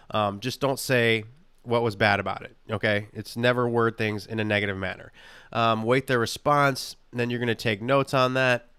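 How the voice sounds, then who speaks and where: A man's voice: mid-range voice, a bit bright, clean tone. A man teaching a phone call script in a casual, instructive way, reading lines aloud with many fillers. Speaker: real estate investing trainer. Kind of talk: walking through a call script.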